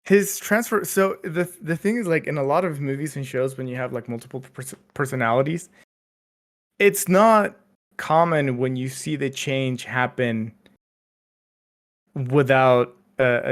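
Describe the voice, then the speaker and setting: A man's voice: mid-range voice, a little slow. A man co-hosting a podcast, chatting casually with lots of fillers and restarts. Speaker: podcast co-host. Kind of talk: casual chat.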